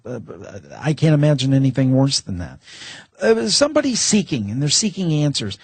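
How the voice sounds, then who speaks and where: A man hosting a podcast, asking a guest questions in a halting, thoughtful way. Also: mid-range voice, breathy edge, no echo. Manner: halting, searching for words. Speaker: podcast host. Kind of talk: interview questions.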